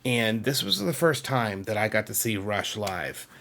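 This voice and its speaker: A man's voice: fairly low pitch, very animated, measured pace, fairly bright tone. A man, rambling enthusiastically and a little self-deprecatingly as he shows off his music collection on video. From Massachusetts. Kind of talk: casual chat showing a CD collection.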